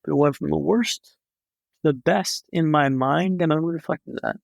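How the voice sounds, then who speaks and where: Gravelly, vivid storytelling man. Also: fairly high pitch, moderate pace, no room sound, lo-fi sound. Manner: vivid, dramatic storyteller with wry humor. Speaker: podcast guest. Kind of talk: storytelling in a conversation.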